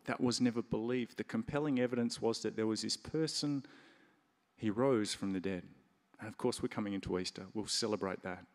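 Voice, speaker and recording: Man preaching a sermon in a reverberant hall. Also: mid-range voice. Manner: conversational preaching, lively stresses. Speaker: pastor.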